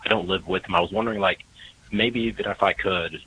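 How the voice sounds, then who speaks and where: Deep-voiced young man, hesitant caller. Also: quick pace, bright, forceful tone, slight background noise, rough recording. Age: young adult. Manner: hesitant, rambling, many fillers.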